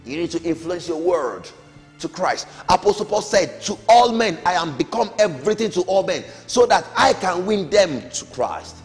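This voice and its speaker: A man's voice: high voice, big pitch swings, moderate pace. A middle-aged man teaching a Sunday school Bible lesson, emphatic, with rising calls and falling amens. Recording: long hall reverb, faint music.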